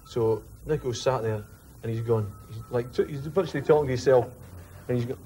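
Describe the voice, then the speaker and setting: Ex-footballer, lively storyteller, mid-pitched, slight background hiss. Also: male voice, brisk. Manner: animated, mimics others while telling a story. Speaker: former footballer guest. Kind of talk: storytelling anecdote.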